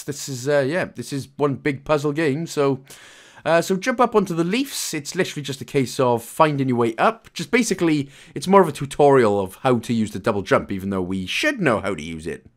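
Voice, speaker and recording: A man's voice: mid-range voice, sing-song, moderate pace. A young Welsh man with a Welsh accent giving a chatty, jokey gameplay walkthrough with loose asides and fillers. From Wales. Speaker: game guide presenter. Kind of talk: casual gameplay walkthrough commentary.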